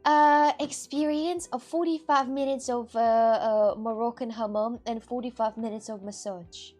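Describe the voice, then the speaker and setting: High-voiced woman, chatty and laughing. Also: measured pace, faint music behind. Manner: animated, laughing, bursts of shrieks while retelling. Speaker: vlogger. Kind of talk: casual storytelling to camera.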